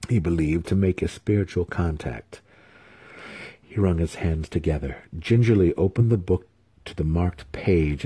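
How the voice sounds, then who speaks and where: A man reads a fantasy novel aloud at a measured, even pace of telling. His voice is deep and dark with a husky grain, and it sounds dry and close to the microphone. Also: dry recording. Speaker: audiobook reader.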